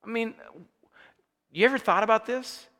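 A man preaching a sermon, telling a Bible story in a conversational, animated way. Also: very high-pitched, moderate pace, long reverb tail. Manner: animated storytelling, acting out scenes with rising energy. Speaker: pastor.

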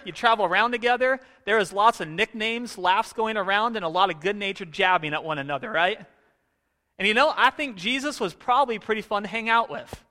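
Bright-voiced man preaching in a hall. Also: high voice. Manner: conversational, questioning, acts out voices. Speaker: pastor. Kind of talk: sermon with scripture reading.

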